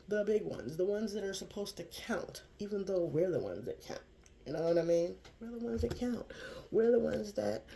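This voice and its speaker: A woman's voice: mid-range voice, creaky, warm tone, slight background noise. An older woman vlogger talking casually to camera in a chatty, folksy, preachy way.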